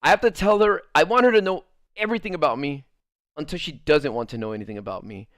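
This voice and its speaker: A man's voice: a little high, fast, dry recording. Chatty streamer guy, dry close sound. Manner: swears a lot, tells the story with lively re-enacted quotes; laughs easily while telling the story. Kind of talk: casual storytelling.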